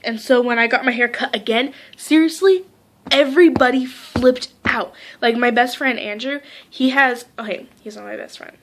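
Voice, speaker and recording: A teenage girl vlogging casually, rambling through a story with lots of "like" and quoting people in lively voices. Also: on the high side, normal speed. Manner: heavy use of "like".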